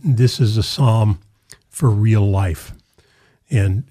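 A man's voice: lowish voice, extremely slow, mellow, no echo, clean studio sound. A man, a pastor, speaking earnestly and affirmingly in a casual discussion of scripture.

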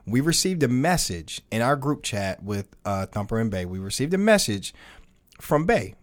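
A man's voice: medium pitch, moderate pace. Laid back guy, podcast cohost, chiming in and telling his part. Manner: relaxed, chiming in with short reactions. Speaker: podcast co-host. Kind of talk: casual chat.

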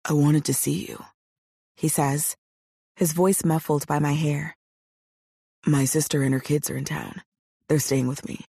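A woman voicing a young man, a tender and eager lover, with a husky, hushed voice in an audiobook. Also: deep voice, steady tone, measured pace, long pauses, no echo, clean studio sound, exaggerated voice. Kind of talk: audiobook character voice.

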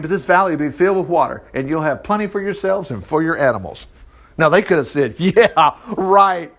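A man preacher reading a Bible passage aloud in a folksy way, breaking in often with his own asides. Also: on the high side. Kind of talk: Bible reading with running commentary.

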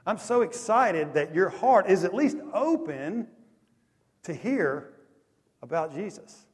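A male pastor with a drawl delivers a sermon in a casual, storytelling way. His voice sits somewhat high, and his loudness swings from hushed to punchy. A long reverb trails every phrase, as in a large hall. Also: slow pace, breathy edge. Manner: animated, conversational storytelling with lively swings in loudness.

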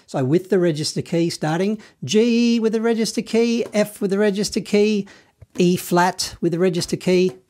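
A man teaching a saxophone lesson, walking through the notes in a relaxed, encouraging way and scatting the phrases. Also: high voice. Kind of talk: online music lesson.

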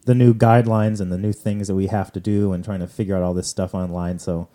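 A man's voice: sits low, flat delivery, fast talker, warm tone. A man hosting a church podcast, talking in a loose, conversational way with plenty of fillers. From California. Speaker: podcast host. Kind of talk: casual chat on church readings.

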